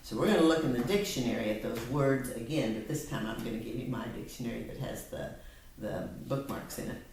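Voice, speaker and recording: Low-voiced woman tutor in an echoey room. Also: brisk, darkish tone, far from the mic, slight background noise. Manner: patient, explains step by step. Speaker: reading and spelling tutor. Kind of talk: one-on-one phonics lesson. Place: room with a whiteboard. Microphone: laptop camera on a table.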